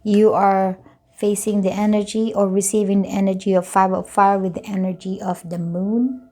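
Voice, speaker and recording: A woman's voice: medium pitch, little pitch movement, moderate pace, a little mellow. A woman reading tarot cards in a chatty, loose way, often repeating and rephrasing herself. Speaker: tarot reader.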